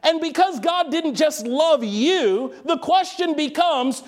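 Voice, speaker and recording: A man's voice: very high-pitched, lively intonation. A man preaching a sermon, stretching out quoted phrases and now and then raising his voice for emphasis. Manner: emphatic, drawn-out quotes with bursts of raised voice.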